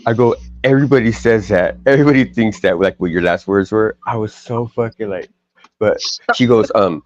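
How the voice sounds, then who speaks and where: A man with a lowish voice, chatting casually on a live stream, rambling and swearing with halting restarts. His voice is dry and close. The stream audio is dull and lo-fi. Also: dry recording.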